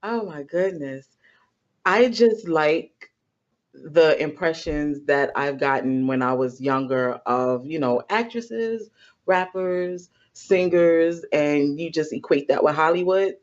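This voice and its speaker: A woman guest artist answering interview questions over a remote call in a measured, thoughtful way. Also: low voice, highs cut off.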